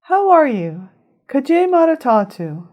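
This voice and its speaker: A woman narrates a scripted language lesson in a higher voice that moves a lot in pitch. She explains each phrase clearly and pronounces it with care. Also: big pitch swings, mellow. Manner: clear, measured instruction with careful pronunciation. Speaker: language teacher.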